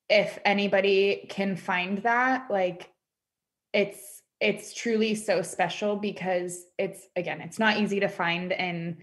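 A woman, a former client appearing as a podcast guest over a video call, speaking in an effusive way and filling her talk with "like". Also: medium pitch. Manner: effusive, says "like" often. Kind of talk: casual conversation.

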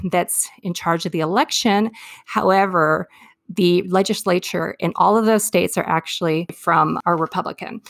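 Woman cohosting a podcast, gravelly voice, dry close sound, rambles off on tangents. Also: medium pitch, dry recording. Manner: talks fast with tangents and laughs. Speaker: podcast co-host. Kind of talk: casual podcast commentary.

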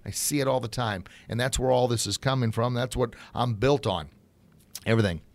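A middle-aged man who hosts a podcast and runs a martial arts academy talks with earnest passion, addressing his listeners as folks. His voice is medium in pitch and fairly quick.

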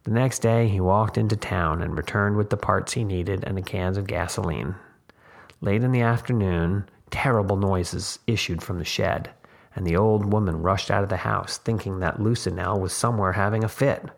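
A man narrating a literary short story in a measured, deliberate delivery. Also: sits low, vocal fry. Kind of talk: story reading.

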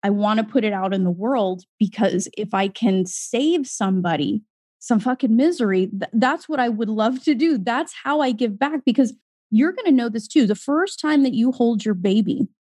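Woman, author guest, earnest and emphatic, higher voice, dry close-mic sound. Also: lively intonation, normal speed, mellow, dry recording. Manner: earnest, emphatic, swears freely. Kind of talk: casual podcast conversation.

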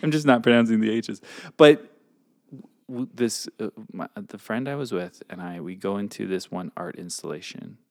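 A man's voice: fairly low pitch, moderate pace, darkish tone, dry recording, clean studio sound. A man co-hosting a podcast in casual chat, playful and jokey, telling wandering anecdotes with plenty of fillers. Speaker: podcast co-host.

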